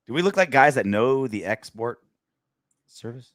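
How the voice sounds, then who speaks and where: A man's voice: medium pitch, expressive, moderate pace, a bit bright, no echo, clean studio sound. A man co-hosting a post-game football podcast, bantering crudely and joking. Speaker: podcast co-host.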